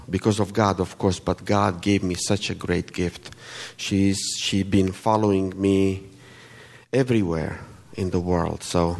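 A man from Romania with a Romanian accent, preaching to a congregation in an unhurried, halting way with friendly asides. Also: deep voice, creaky, a little mellow, big-room sound. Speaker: guest preacher. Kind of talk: sermon.

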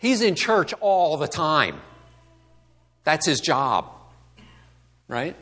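Guy preaching, slightly high voice, lots of rhetorical questions, acts out quotes. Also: big pitch swings, very slow, bright, forceful tone, soft background music. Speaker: pastor. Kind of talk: sermon.

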